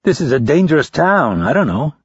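A man voicing a frightened male captive who pleads and whimpers for his captors to stop, in a high, strained voice. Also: sing-song, brisk, breathy edge, no echo, dull audio. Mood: pleading. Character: frightened captive man begging, feigning weakness.

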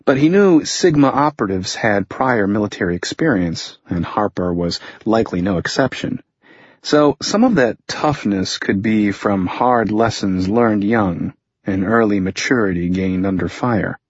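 Male thriller narrator, measured and dry; low husky voice, muffled close read. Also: no echo. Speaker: audiobook narrator. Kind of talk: scripted narration.

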